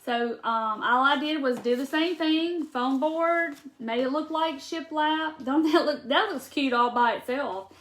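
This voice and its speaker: A woman's voice: high voice, measured pace, few pauses, fairly bright tone. A woman with a Mississippi accent, chatting casually as she hosts a live crafting video and gushes over her decor. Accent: Southern US, Mississippi. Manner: chatty, gushing, Southern drawl. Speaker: crafting host.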